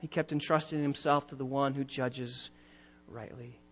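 A man's voice: mid-range voice, steady tone, fairly bright tone, dull audio. A man preaching a sermon as pastor, emphatic, drawing out and stressing his key phrases. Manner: emphatic preaching, slowing and rising on key words.

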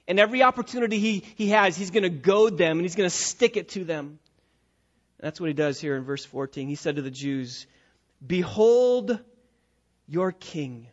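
A man's voice: high-pitched, a bit bright, lo-fi sound. A male pastor preaching an expository sermon, emphatic and repetitive, often asking rhetorical questions.

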